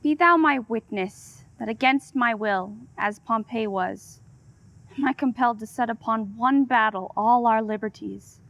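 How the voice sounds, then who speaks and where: A woman playing a Roman general before battle, speaking a Shakespearean monologue gravely. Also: a little high, no echo, dull audio. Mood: foreboding. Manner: grave, slow. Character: Cassius, Roman general facing defeat.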